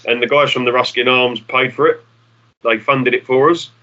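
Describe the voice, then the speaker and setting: A man's voice: mid-range voice, steady tone, moderate pace, highs cut off. A man, a musician guest rambling through stories, swearing casually and acting out the people in them. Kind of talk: casual storytelling.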